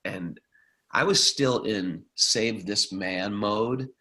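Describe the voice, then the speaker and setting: A man co-hosting a podcast, telling a story in a lively, casual way and acting out the quotes. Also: fairly low pitch, takes it slowly, rough recording. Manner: animated storyteller, acts out quotes. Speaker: podcast co-host.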